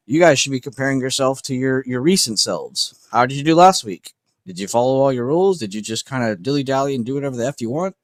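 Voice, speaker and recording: A man's voice: mid-range voice, no room sound. A man hosting a trading livestream, talking in a blunt, emphatic, unscripted way, swearing often and repeating points.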